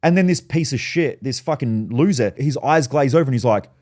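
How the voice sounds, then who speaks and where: A man, a business coach, telling a story in a blunt, animated way with a lot of swearing. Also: medium pitch, brisk. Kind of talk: casual monologue, storytelling.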